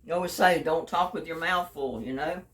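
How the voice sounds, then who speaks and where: A woman's voice: sits low, a little fast, a bit bright, distant mic. A woman talking through a home cooking video in a folksy, chatty way, speaking straight to her viewers. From Texas. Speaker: home cook. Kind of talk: casual cooking vlog.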